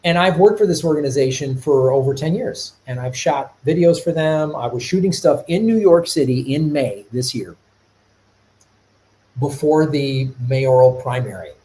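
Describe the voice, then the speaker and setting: A man's voice: medium pitch, normal speed, rough recording. A middle-aged man from Chicago hosting a live stream, talking in a casual, rambling way with many restarts. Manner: animated, rambling, with repeated restarts. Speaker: podcast host.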